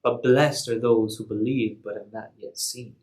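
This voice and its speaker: A man voicing a calm, gentle Jesus. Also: medium pitch, unhurried, natural voice. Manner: casual, modern everyday wording.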